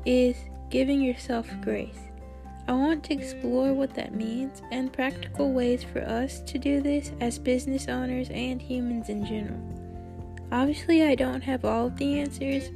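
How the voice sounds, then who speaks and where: A woman hosting a reflective solo podcast, a little nasal from allergies, speaking in a gentle, earnest way. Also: sits high, creaky. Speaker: podcast host.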